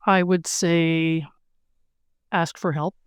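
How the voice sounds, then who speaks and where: A woman's voice: fairly low pitch, fairly even intonation, extremely slow, clean tone, no echo, studio quality. A middle-aged woman, an interview guest, telling stories casually and acting out quotes with animation. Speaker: interview guest, weightlifter and lawyer. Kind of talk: casual storytelling.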